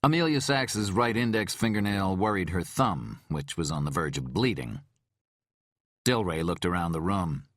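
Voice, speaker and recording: A man narrating a thriller audiobook in an expressive, tense way. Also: low voice, moderate pace, no echo, studio quality.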